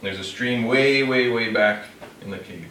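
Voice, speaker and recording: A man's mid-range voice, bright and forceful and a little slow, relates a fable in a loose, unpolished style with fillers and self-corrections. He's a storyteller demonstrating a classroom technique through casual oral storytelling. The sound is roomy from a distant mic, with faint noise.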